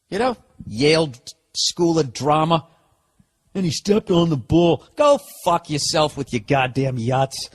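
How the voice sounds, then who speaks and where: A man's voice: on the high side, husky. A man hosting a podcast alone, delivering a sarcastic, profanity-filled comedic rant. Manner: profane, sarcastic, exasperated ranting. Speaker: podcast host. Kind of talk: comedic ranting monologue.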